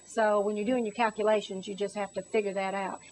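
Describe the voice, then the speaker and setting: A woman's voice: medium pitch, flat delivery, fairly quick, a little mellow, slight background noise, poor audio. A middle-aged woman hosting a home cooking demonstration, chatty and bubbly with theatrical exclamations. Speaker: cooking show host.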